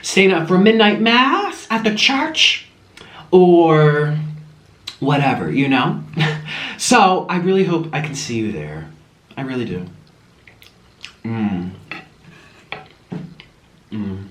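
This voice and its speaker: A man's voice: a little high, lively intonation, slow pace, pauses often, a bit bright. A man chatting casually to viewers while eating on camera, gushing and chatty, sometimes talking with his mouth full, at home. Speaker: mukbang vlogger. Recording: echoey room with faint music.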